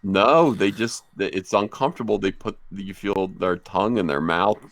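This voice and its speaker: A man who creates comics, chatting on a livestream in a joking, deadpan way over a computer mic. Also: sits low, normal speed. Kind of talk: casual livestream chat.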